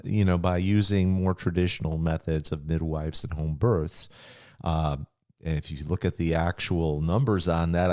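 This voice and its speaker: A middle-aged man talks through a podcast episode in a loose, rambling way, circling back and restarting his sentences. His voice sits low, and the recording is dry and close with no room sound. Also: dry recording. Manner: relaxed, rambling, speaks with many restarts. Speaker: podcast host. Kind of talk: casual podcast chat.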